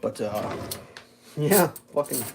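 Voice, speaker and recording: This young adult livestreamer has a voice on the high side and speaks slowly yet with great animation. He casually spins rambling, foul-mouthed tales, imitating the voices of the people involved, with noise audible in the background.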